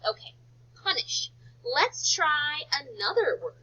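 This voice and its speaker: A woman teacher giving a phonics lesson to young children, talking slowly in an exaggerated, sing-song way. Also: high-pitched, very animated, bright, forceful tone, breathy edge. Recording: dull lo-fi recording.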